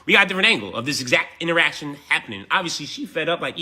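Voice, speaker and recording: A man's voice: fairly high pitch, lively intonation, very fast, pushed and bright, slightly rough. A man giving profane, mocking reaction commentary in casual slang.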